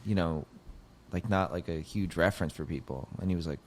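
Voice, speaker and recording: A young man hosting a podcast, telling a long story in casual chat, full of filler words and swearing, and he gets loud and high when excited. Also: a little fast. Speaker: podcast host, comedian.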